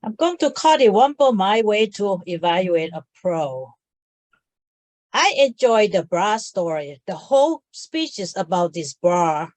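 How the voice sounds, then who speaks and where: A woman's voice: medium pitch, sing-song, measured pace, a little mellow, no room sound. A woman giving plain, direct feedback at a club meeting.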